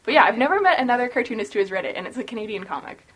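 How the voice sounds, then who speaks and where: A woman's voice: on the high side, expressive, rapid-fire, crowd noise. A woman co-hosting a casual book podcast, bubbly and giggly, full of fillers. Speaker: podcast co-host.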